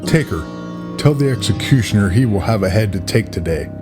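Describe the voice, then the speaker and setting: A man's voice: fairly low pitch, lively intonation, fairly quick, lightly acted. A man voicing a ruthless, scheming king in a spoken story, cold and sarcastic, with music playing behind. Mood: sneering. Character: ruthless scheming middle-aged male king.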